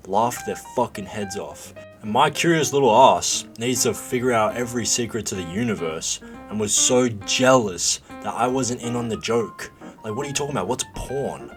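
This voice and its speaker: A young man telling a confessional comedy story in a profane, rambling, excitable way. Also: on the low side. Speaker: vlogger.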